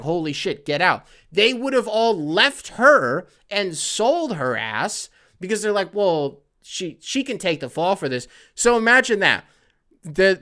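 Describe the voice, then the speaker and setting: A man's voice: a little high, bright, forceful tone. A man hosting a comedy podcast, rambling through absurd bits and acting out voices. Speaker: podcast host. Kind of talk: comedic solo riffing.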